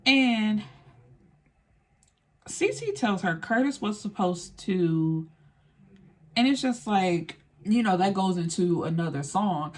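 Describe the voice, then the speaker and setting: Woman doing a film recap, blunt and slangy, cusses a lot, super animated. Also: medium pitch, slow pace. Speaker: film reviewer.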